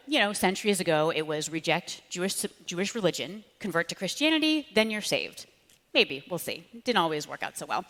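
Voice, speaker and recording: Woman guest author, lowish voice, impassioned and animated, live talk in a reverberant hall. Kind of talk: live onstage conversation. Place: large hall with live audience.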